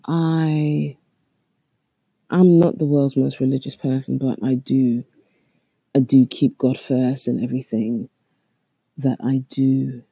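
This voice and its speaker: A speaker, earnestly telling a personal story in a halting way with frequent restarts. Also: medium pitch, gravelly, warm tone, slightly rough, dry recording, rough recording. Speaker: storyteller recounting a personal experience. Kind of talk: first-person spoken account.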